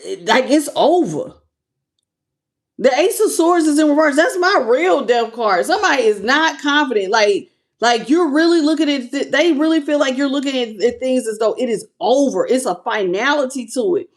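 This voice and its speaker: A woman's voice: high-pitched, animated, moderate pace. Slangy, emotional woman tarot reader. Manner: emotional, slangy, talks straight to viewers. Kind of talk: casual tarot reading to camera.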